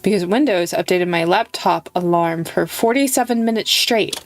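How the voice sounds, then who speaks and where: A woman's voice: fairly low pitch, normal speed. A young woman streaming a visual novel, chatting playfully with viewers and reading the game's lines aloud. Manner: playful and giggly, reads lines in character. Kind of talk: casual live-stream chat and reading game text aloud.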